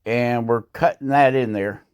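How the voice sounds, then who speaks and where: A man's voice: mid-range voice, fairly even intonation, measured pace, clean tone, highs cut off. A man hosting a woodcarving channel, talking through his work in a casual how-to voice-over, rambling and self-deprecating with frequent chuckles.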